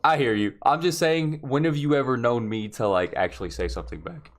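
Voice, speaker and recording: A man's voice: medium pitch, a little fast. A man in a casual podcast chat. He is laid-back and hesitant and fills his talk with "like".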